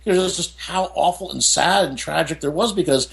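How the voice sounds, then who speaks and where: A man's voice: fairly high pitch, normal speed, gravelly, fairly bright tone. A middle-aged man from the United States, an author talking as a guest, telling candid stories with lots of "you know" and "I mean" asides. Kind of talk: candid storytelling in an interview.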